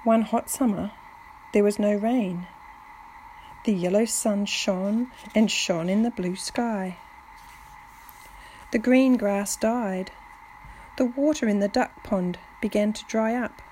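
Slow gentle woman reading a storybook. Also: mid-range voice, a little hiss or hum, low-quality recording. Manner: slow, gentle, with soft whispered touches. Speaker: family storyteller. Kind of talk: reading a children's story aloud.

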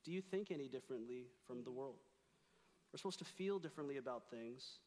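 A man's voice: mid-range voice, expressive, brisk, darkish tone, in a large hall. A young man giving an earnest, playful talk at a retreat as a campus ministry speaker. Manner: earnest, playful, reads scripture aloud. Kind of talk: sermon-style talk at a retreat.

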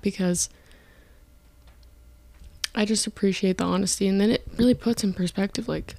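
A woman's voice: mid-range voice, steady tone, moderate pace, gravelly, long pauses, warm tone, no room sound. A young woman in college hosting a casual solo podcast from her dorm room, rambling and chatty, often stopping to correct herself. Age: young adult. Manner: rambling, self-interrupting, chatty. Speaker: podcast host. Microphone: podcast mic, filmed for video.

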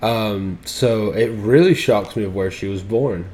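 Lowish-voiced young man reading articles aloud. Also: a little slow, darkish tone. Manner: reads articles aloud with sarcastic asides. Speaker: podcast co-host. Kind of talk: casual chat.

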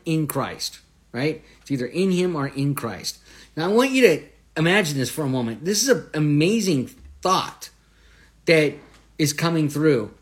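A man hosting a Bible study, teaching in an earnest, conversational way, posing rhetorical questions and lifting his voice on scripture phrases. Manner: swells louder and higher on scripture phrases.

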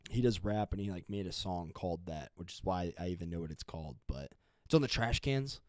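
A man's voice: deep voice, animated, brisk, a little mellow, no echo, studio quality. A young man hosting a podcast, chatting casually and rambling with lots of fillers and restarts. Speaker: podcast host. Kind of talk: casual chat.

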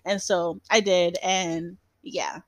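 A woman's voice: fairly low pitch, level tone, slow. A young woman hosting a casual solo podcast, rambling with lots of fillers and restarts and laughing often. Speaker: podcast host.

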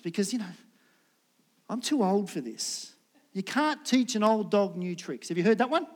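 A middle-aged male pastor preaching a sermon. He acts out prayers and God's replies, swinging from loud lines to hushed ones. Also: high-pitched, lively intonation, moderate pace.

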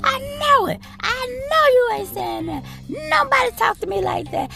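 A woman voicing an easily offended female nurse who protests in a high, outraged rush of words. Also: big pitch swings, gravelly, sharp tone, faint music behind, full character voice. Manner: outraged, rapid-fire protests.

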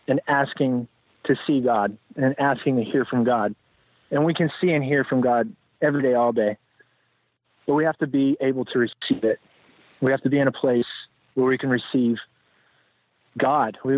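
A man's voice: mid-range voice, dry recording. A man talking as a podcast guest, reflective and rambling with many fillers and restarts. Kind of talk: casual interview talk. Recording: tinny phone-like line, dry.

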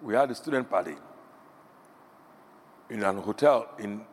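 Lively man preaching in an echoey hall. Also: fairly low pitch, unhurried, husky. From Nigeria. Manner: animated storytelling, acting out quoted voices, chuckling asides. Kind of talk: sermon. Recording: echoey hall, faint background hum.

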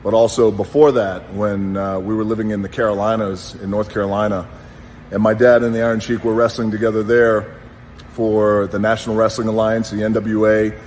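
A man in his fifties giving an earnest, unhurried spoken tribute with many pauses. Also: lowish voice, flat delivery, darkish tone, big-room sound, slight background noise.

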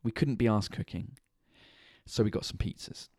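A man's voice: on the low side, moderate pace, mellow, no echo, clean studio sound. A tired man, hosting his own podcast and livestream from his kitchen, rambling casually and swearing freely. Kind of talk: casual chat. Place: home kitchen at night.

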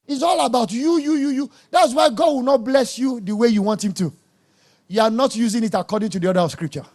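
A man delivers a sermon in a high voice. He preaches emphatically, scolding his listeners and hammering points home by repeating words. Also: darkish tone.

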